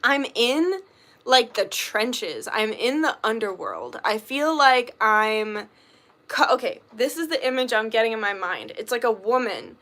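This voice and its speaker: A young woman rambles through a candid vlog monologue, peppering every thought with fillers and curses. Her voice sits a bit high and rings bright and sharp. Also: expressive, unhurried. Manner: rambling, profane, filler-heavy talk. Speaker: vlogger and small business owner.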